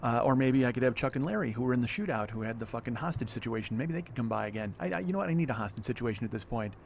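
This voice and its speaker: A man's voice: mid-range voice, lively intonation, very fast, creaky. A man hosting a solo podcast outdoors by an apartment pool, frustrated and swearing as he rambles. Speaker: podcast host. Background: wind and planes overhead.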